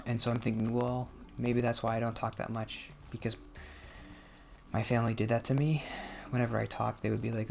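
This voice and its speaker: A young man talking casually and self-reflectively while playing a video game, rambling with soft laughs. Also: mid-range voice, little pitch movement, a little fast, vocal fry, a little hiss or hum. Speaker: gaming vlogger. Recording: music playing underneath.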